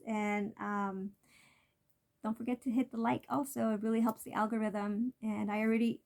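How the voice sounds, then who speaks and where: A woman hosting an energy medicine vlog, explaining tapping and breathing techniques in a casual, rambling way with lots of fillers. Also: a little high. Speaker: energy medicine channel host.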